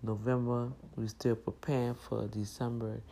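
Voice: mid-range voice, level tone, normal speed, gravelly, warm tone, a little hiss or hum, poor audio. A middle-aged host talking in a casual monologue, emphatic and preachy, repeating key phrases.

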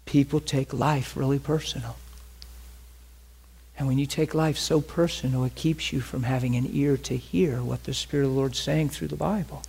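Husky guy preaching, telling a story to the church, keeps asking do you follow me. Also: mid-range voice, steady tone, moderate pace, a little mellow. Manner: conversational storytelling, checks listeners follow. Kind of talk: sermon.

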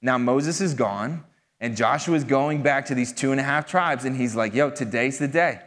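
A man delivers a sermon in a relaxed, chatty manner, often pausing with fillers as he works through a passage. His voice sits at an ordinary pitch for a man. The sound carries a long reverb, as if recorded in a church hall. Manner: casual conversational preaching with fillers. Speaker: pastor.

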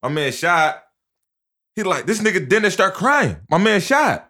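Slightly high-voiced young man, halting and repetitive. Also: sing-song, sharp tone. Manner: repetitive, halting slangy storytelling. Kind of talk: casual storytelling chat.

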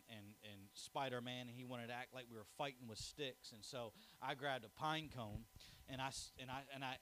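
A man's voice: medium pitch, fairly bright tone, a little hiss or hum. A young man preaching a sermon, telling a family story, then reading scripture and building to emphatic, rising declarations. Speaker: pastor.

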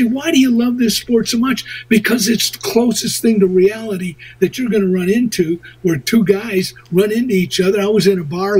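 A man hosting a show, telling rambling stories in casual chat with a husky voice. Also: sits high, darkish tone, low-quality recording. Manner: rambling, chuckling storyteller. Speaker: radio show host.

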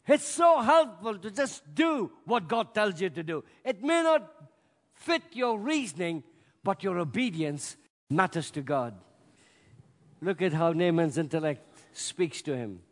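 A man preaching a sermon with emphatic delivery that swells to loud peaks. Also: high voice, big pitch swings, unhurried. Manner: emphatic, rising to loud peaks, acts out scripture voices. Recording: long hall reverb.

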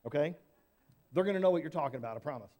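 High-voiced man telling a children's Bible story. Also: rapid-fire, highs cut off. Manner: animated, casual, asks the listeners questions.

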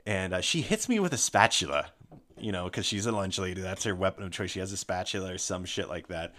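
A man hosting a casual podcast chat, retelling a tabletop game story in an animated way, swearing freely. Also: fairly low pitch, a little fast. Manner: animated, swearing, breaks into laughter.

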